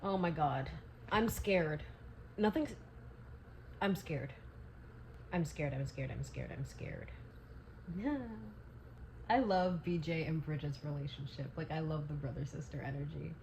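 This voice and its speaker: A young woman filming a reading vlog, reacting emotionally and with lots of swearing as she reads, moving between quiet asides and loud outbursts. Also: sits low, a little slow, vocal fry, pauses often, a little hiss or hum, rough recording. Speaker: book vlogger.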